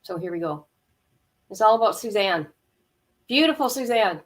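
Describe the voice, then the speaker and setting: Shaken woman reading news with halting fillers. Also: mid-range voice, animated. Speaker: channel host. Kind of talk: casual commentary, reading news aloud.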